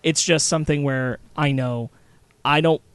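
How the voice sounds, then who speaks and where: Man, podcast co-host, thoughtful, slightly high, dry sound. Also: steady tone, measured pace, smooth, no echo. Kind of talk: podcast conversation.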